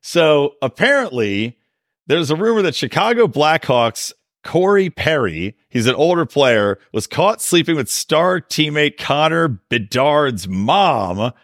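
A man chats on a comedy podcast, his voice sitting a little high and swinging widely as he tells a story. He laughs easily and keeps the tone jokey. The sound is dry and close. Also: sing-song, slow pace, fairly bright tone, no room sound. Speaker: podcast co-host. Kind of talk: casual comedic chat.

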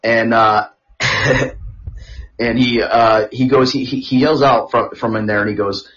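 A man co-hosting a crude casual chat podcast, rambling through stories with repeated words and loud laughs. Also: medium pitch, steady tone, a little slow. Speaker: podcast co-host. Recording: dull lo-fi audio.

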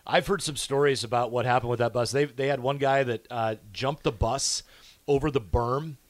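A man's voice: medium pitch, fairly even intonation, moderate pace, no room sound. A man hosting a local radio talk show, upbeat and reading out listener texts. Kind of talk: casual radio chat. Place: radio studio.

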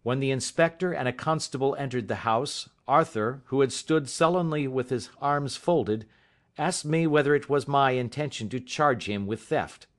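Reading an audiobook written in the first person, a man uses a medium-pitched voice and a measured, dramatic storytelling style.

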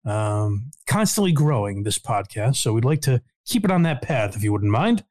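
A man's voice: medium pitch, big pitch swings, normal speed, darkish tone. A man hosting a casual podcast, talking in a wry, sarcastic way. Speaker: podcast host.

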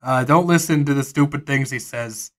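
A man voicing a brusque male sheriff who gives loud, gruff orders. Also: mid-range voice, normal speed, natural voice. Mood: bossy.

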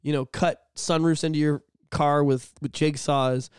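A man's voice: a little high, measured pace, clean tone, no echo, clean studio sound. A man from Canada's East Coast hosting a casual podcast chat, rambling and swearing as he tells stories. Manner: rambling, profane, animated storytelling. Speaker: podcast host.

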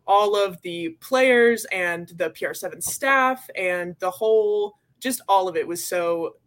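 A woman's voice: medium pitch, unhurried. A young woman in her twenties, a guest answering interview questions in an upbeat way and laughing easily. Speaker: guest, pro rugby player.

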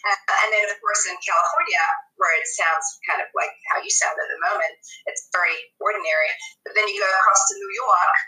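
A woman's voice: on the low side, lively intonation, fairly quick, sharp tone. A woman dialect coach chatting casually over a remote call, often breaking into accent demonstrations. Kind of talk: casual interview chat. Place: based in New Zealand. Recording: echoey distant call audio.

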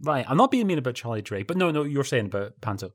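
A man's voice: medium pitch, very animated, very fast, no room sound. Wry rambling man, dry close sound. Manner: rambling, self-interrupting, wry. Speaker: podcast co-host. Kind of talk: casual chat about old television.

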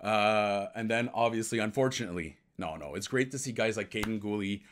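A man's voice: fairly low pitch, a little fast, a bit bright, slight background noise. A male host chatting on a live hockey podcast, easygoing and rambling. He drifts into French now and then before catching himself and carrying on. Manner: rambling, switches between English and French. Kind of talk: casual hockey podcast livestream chat.

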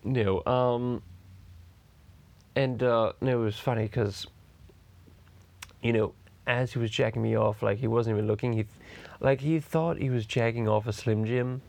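A foul-mouthed cartoon baby boy rambles crudely from one tangent to the next, as a man does the voice. His voice is heavily gravelly and sits mid-range, in an improvised parody monologue. The sound is dry and close. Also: mid-range voice, fairly even intonation, unhurried, pauses often, darkish tone, dry recording. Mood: rambling.

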